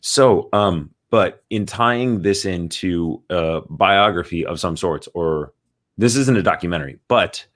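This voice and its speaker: A man's voice: sits low, unhurried. A man co-hosting a podcast, chatting casually about movie news and reading out articles with lots of fillers. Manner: rambling, reads out news articles with many fillers. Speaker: podcast co-host.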